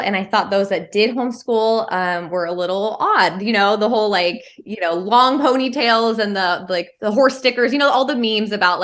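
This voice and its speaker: A woman's voice: mid-range voice, a bit bright. A woman in her thirties from California, a mother of three, telling her story in casual conversation with many fillers. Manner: chatty, frequent fillers like "um" and "like". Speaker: interview guest, homeschooling mother of three.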